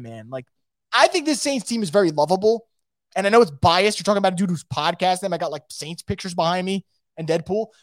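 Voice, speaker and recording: A man hosting a casual live sports podcast, reading out viewer comments and reacting in a fast, emphatic way, often repeating his words. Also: sits high, no echo, clean studio sound.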